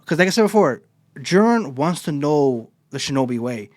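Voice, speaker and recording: A man hosting a casual anime podcast, excitedly retelling a chapter and swearing freely. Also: fairly high pitch, moderate pace, no room sound. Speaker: podcast host.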